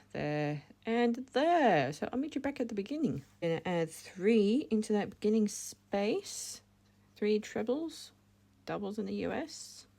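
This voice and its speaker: A woman with a creaky, medium-pitched voice demonstrates crochet step by step. She is chatty and casual, often correcting herself and laughing when she slips up.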